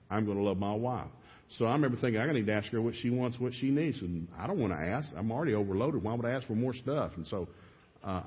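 A middle-aged man preaching a sermon, telling lively stories and acting out his own outbursts. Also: medium pitch. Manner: animated storytelling with shouted re-enactments. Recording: echoey hall, dull lo-fi sound.

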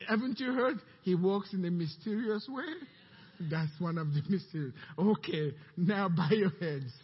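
A pastor preaching a sermon, questioning the congregation and calling out to them. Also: male voice, high-pitched, unhurried, slightly rough, long reverb tail, lo-fi sound. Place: church sanctuary.

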